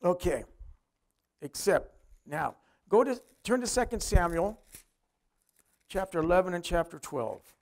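A man's voice: sits high, lively intonation, unhurried, pauses often, darkish tone. A middle-aged male pastor preaching a sermon in a conversational way, often asking the congregation questions.

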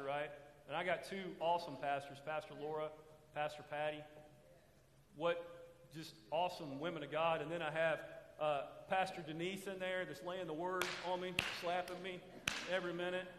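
A man preaching a sermon in a church, drawing call-and-response answers from the congregation by having them finish his sentences. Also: a little high. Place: church sanctuary. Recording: echoey hall with long reverb.

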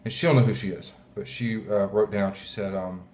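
A man pastor giving a heartfelt, halting sermon, often clearing his throat. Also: on the low side, fairly even intonation, a little mellow. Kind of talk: emotional sermon.

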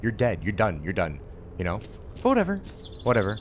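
Casual let's-play guy, frustrated and rambling, animated delivery, audible hiss behind. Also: fairly low pitch, fairly quick. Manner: exasperated, rambling, repeats himself. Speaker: gameplay commentator.

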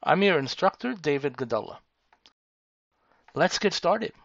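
A man teaching a tutorial, speaking slowly and deliberately. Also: fairly high pitch, very animated, vocal fry, fairly bright tone, no room sound. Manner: slow, deliberate, demonstrative. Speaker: speaking instructor. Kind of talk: tutorial explanation. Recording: dull lo-fi sound.

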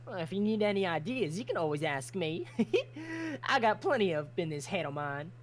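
A woman voicing a brash, house-proud bird-woman farmer with a folksy Southern drawl who scolds quickly. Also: on the low side, sing-song, slight background noise, voice pushed up. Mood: friendly. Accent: American Southern.

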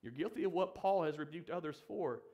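A man's voice: on the high side, expressive, brisk, dark tone. A young man preaching a sermon as pastor, asking the congregation questions and acting out the quoted lines of the story. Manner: acts out quoted pleas with rising emphasis.

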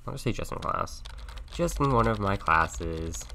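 A young man playing a chat game on stream, thinking aloud and softly reading the messages on screen. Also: sits low, lively intonation, unhurried, creaky. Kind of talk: casual let's-play commentary. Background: game music and keyboard typing.

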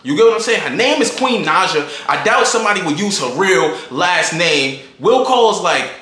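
A young man tells a storytime vlog, his voice high and bright, full of slang and acted-out lines. The room is echoey, with faint noise behind him. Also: normal speed. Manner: animated, slangy, acts out his own lines. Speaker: vlogger.

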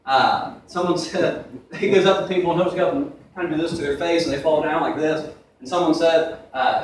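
Young man, high-voiced, rapid conversational preacher, recorded from afar in a very echoey church. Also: slight background noise. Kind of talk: sermon. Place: church sanctuary. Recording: echoey room from far off.

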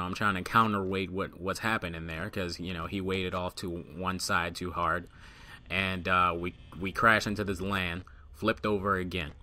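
A young man telling a funny story as voice-over commentary for his gaming channel, swearing freely and loudly acting out the quotes of the people in it. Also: on the low side.

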